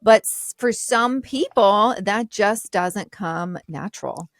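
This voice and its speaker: A woman's voice: medium pitch, slow, no room sound, clean studio sound. Straightforward woman podcast co-host. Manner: straightforward, laughs often. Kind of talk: casual chat.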